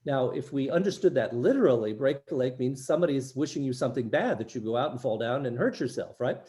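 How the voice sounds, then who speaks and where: Older East Coast man, mellow presenter voice. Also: mid-range voice, animated, fast. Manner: explanatory, checks in with "right?". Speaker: workshop presenter. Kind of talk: teaching international students.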